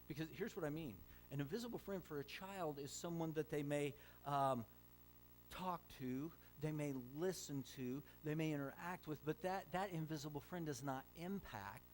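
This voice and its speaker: Middle-aged pastor, chatty storyteller. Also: male voice, on the high side, slight background noise. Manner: conversational storytelling with frequent fillers and restarts. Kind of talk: sermon.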